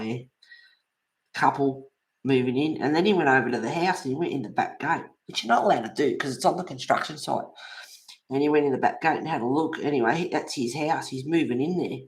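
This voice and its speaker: A woman's voice: a bass voice, expressive, fast. Gossipy woman over fifty. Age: 50s or older. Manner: gossipy storytelling, laughs often. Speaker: livestream host. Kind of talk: casual chat while colouring.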